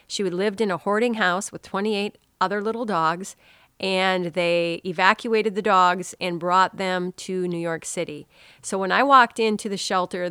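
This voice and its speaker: A woman hosting a podcast, telling a personal story in an animated, expressive way and dropping to a soft hush now and then. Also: mid-range voice, clean tone, no room sound, studio quality. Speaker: podcast host. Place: home.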